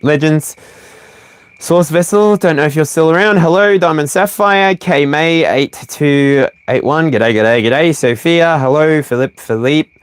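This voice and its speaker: A male tarot reader with a slightly high, clear, resonant voice does a playful tarot reading on a livestream, singing and laughing between slow readings. The recording is dry.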